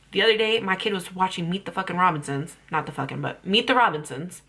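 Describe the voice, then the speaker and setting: A woman's voice: lowish voice, fast, few pauses, sharp tone, slightly rough. A young woman ranting bluntly about parenting on her vlog, heated and full of swearing. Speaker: parenting vlogger.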